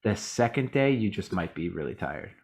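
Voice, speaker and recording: Tired american dude on a podcast, rambling and ranting, swears a lot, does little voices for other people. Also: male voice, deep voice, very animated, normal speed, darkish tone. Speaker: podcast co-host. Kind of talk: casual chat.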